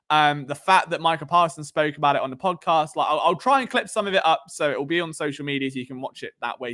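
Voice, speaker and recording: A man's voice: on the high side, bright, forceful tone. Rambling English man on a live stream. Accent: Southern English. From England. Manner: rambling, conversational with frequent fillers and restarts. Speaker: podcast host. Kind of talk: casual live-stream commentary.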